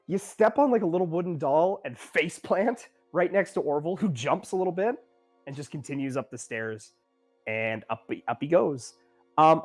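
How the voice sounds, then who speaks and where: A game master talks players through a tabletop game scene in a loose, rambling way, stopping to correct themself and adding "like" and "um" throughout. Their pitch sits mid-range. Faint music plays in the background. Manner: casual, rambling, many fillers and self-corrections.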